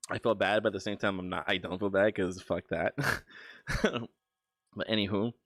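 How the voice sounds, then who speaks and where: Low-voiced man, profane and halting. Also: fairly even intonation, fairly bright tone, dry recording, studio quality. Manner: profane, halting, many stammered restarts. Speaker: streamer. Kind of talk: casual storytelling while livestreaming.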